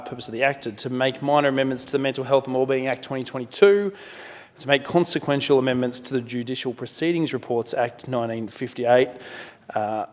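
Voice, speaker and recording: Australian male politician, mid-pitched, addresses the chamber with a long room echo, measured and full of fillers. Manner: measured, many fillers and self-corrections. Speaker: member of parliament. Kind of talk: parliamentary speech. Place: parliament chamber.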